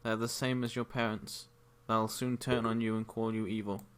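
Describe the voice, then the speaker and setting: A man doing a hushed, secretive forest creature. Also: fairly low pitch, flat delivery, moderate pace, smooth, natural voice. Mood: warning. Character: whispering secretive woodland creature, protective and distrustful.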